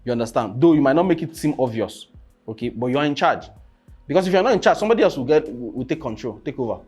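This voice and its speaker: A young man gives casual coaching on presentations, often asking "you understand?" and suddenly getting loud. His mid-range, husky voice has lively intonation and moves at a quick pace. Faint music plays in the background.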